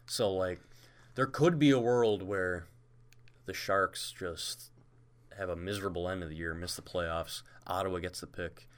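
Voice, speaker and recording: A man hosting a casual sports podcast, opinionated and animated. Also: low voice. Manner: animated, opinionated, quick bursts when worked up. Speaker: podcast host.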